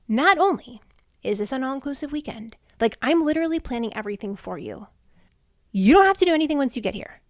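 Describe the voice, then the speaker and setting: A woman's voice: high voice, lively intonation, quick pace, no room sound, studio quality. Chatty, heartfelt woman podcast host. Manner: chatty, heartfelt, many "like" fillers. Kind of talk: casual solo podcast monologue. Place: Houston, Texas.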